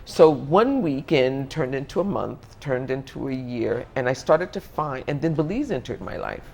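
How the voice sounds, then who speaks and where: Guest, mid-pitched, reflective, halting phrasing with frequent restarts. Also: expressive, vocal fry, a little mellow. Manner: thoughtful, searching for words, frequent restarts. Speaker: interview guest. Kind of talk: reflective interview talk.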